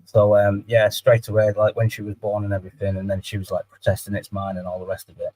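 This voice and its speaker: A man's voice: lowish voice, completely flat delivery, fast, darkish tone, slight background noise, rough recording. A young man telling a personal story in a candid, sweary casual chat. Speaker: livestream guest.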